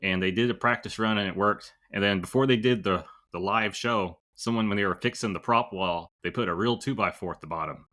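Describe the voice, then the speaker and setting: A man's voice: fairly low pitch, a little fast, few pauses, bright, forceful tone. A man co-hosting a podcast, casually telling an easygoing story and chatting about old films. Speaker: podcast co-host. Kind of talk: casual chat.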